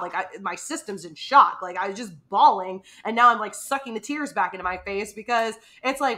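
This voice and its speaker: A woman co-hosts a casual book podcast, chatting in a lively way and slipping into quoted voices. Her tone is bright and forward. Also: medium pitch, a little fast, hardly any pauses. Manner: chatty, animated, acts out quotes. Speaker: podcast co-host.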